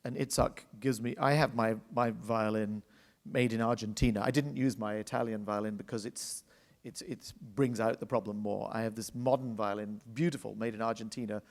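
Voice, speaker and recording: At a public library salon, a conductor of orchestras tells anecdotes onstage to an audience, laughing frequently as he talks. His lowish voice has fairly even intonation and a moderate pace, echoing with the long reverb of a hall.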